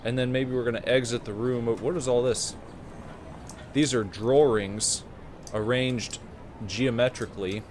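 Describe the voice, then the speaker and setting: A man giving game playthrough commentary, slowly musing over what he sees on screen with plenty of fillers and restarts. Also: mid-range voice, fairly even intonation, slight background noise. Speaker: gameplay commentator.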